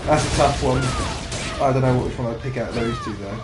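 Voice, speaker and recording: A man's voice: mid-range voice, fairly quick. A man chatting and joking with a friend while they play a game, sweary and teasing. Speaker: co-host. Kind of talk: casual gaming chat. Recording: roomy sound with music behind.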